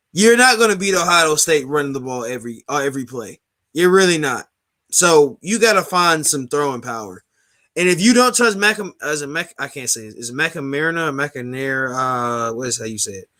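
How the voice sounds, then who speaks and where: Animated man talking football. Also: a little high. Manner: animated, rambling, halting restarts. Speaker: podcast co-host. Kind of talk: casual sports talk.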